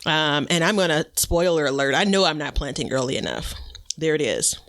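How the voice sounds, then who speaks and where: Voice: medium pitch, sing-song, brisk, a bit bright, no echo. A podcast co-host chatting casually about gardening, rambling and self-deprecating with lots of fillers.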